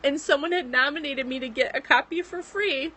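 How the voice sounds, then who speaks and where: A woman's voice: high-pitched, brisk, bright, forceful tone. A woman in her thirties hosting a casual devotional live stream for writers, speaking in an earnest, encouraging and chatty way. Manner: earnest and encouraging, chatty with fillers, gets teary. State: pregnant.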